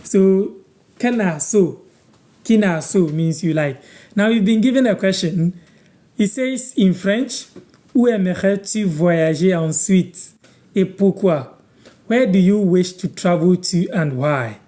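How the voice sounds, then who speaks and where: A man from Ghana hosts a live-stream lesson, giving each word slowly and then repeating it. His voice is mellow and dark, with an unhurried, patient delivery. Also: sits high, lively intonation. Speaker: host teaching language on a live stream. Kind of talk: live-stream language lesson, answering viewers.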